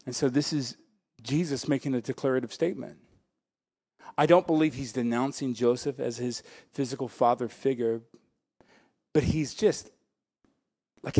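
A man preaching a sermon as pastor, animated and joking, breaking into laughter and acting out voices. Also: mid-range voice, husky.

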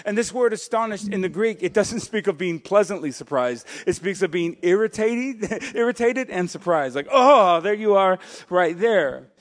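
A man preaching a sermon as pastor, animated and joking, breaking into laughter and acting out voices. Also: high-pitched, normal speed, hardly any pauses.

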